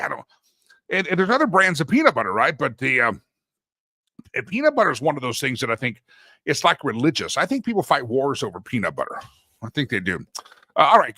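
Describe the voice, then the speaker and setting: A man's voice: fairly high pitch, pushed and bright, dry recording. A middle-aged man from Texas hosting a talk show, rambling and joking in casual chat. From Deep East Texas. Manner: rambling, joking, self-interrupting.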